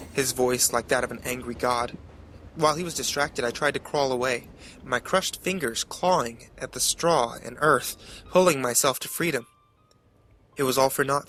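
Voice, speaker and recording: A man narrating a horror story in a measured, dramatic way. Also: medium pitch, bright, forceful tone, a little hiss or hum.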